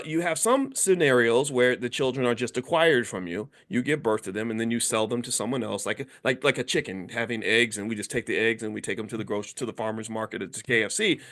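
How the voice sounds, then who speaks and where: A middle-aged American man, a finance educator hosting his channel, giving an animated, casual motivational talk and acting out the voices of people he quotes. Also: medium pitch.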